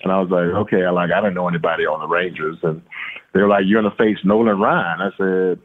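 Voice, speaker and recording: A fast talker with a low-pitched, fairly even voice, this middle-aged ex-baseball player from Louisiana spins rambling stories with lots of fillers and repeated words. It's a casual storytelling interview, and the line sounds tinny, like a phone.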